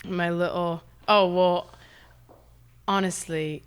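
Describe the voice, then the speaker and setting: A woman's voice: lowish voice, steady tone, unhurried, a bit bright, smooth. A woman from San Diego, a podcast guest chatting casually and telling rambling stories full of swearing and laughter in a studio. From San Diego, California. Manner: rambling, swearing storyteller who laughs often. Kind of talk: casual chat.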